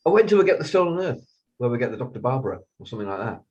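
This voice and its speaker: A man's voice: mid-range voice, very animated, racing, darkish tone, lo-fi sound. A man co-hosting a podcast, chatting casually and jokily, often trailing off mid-sentence. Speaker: podcast co-host. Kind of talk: casual chat.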